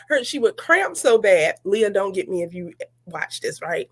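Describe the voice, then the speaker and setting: A woman's voice: medium pitch, sing-song, normal speed, breathy edge. A woman hosting a casual chat, telling stories and laughing often. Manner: chatty storyteller, laughs often. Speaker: podcast host.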